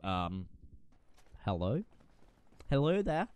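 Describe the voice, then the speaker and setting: Excitable, foul-mouthed male gamer. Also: lowish voice, slow, clean tone. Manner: profane, excitable, self-mocking. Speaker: gaming video creator. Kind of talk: casual gameplay commentary.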